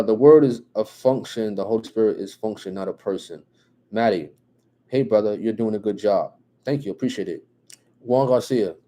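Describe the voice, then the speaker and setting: Laid-back New Jersey man, deep mellow voice. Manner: relaxed, repeats phrases, frequent "you know what I'm saying", chuckles often. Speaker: livestream host reading viewer comments. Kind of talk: casual live-stream chat.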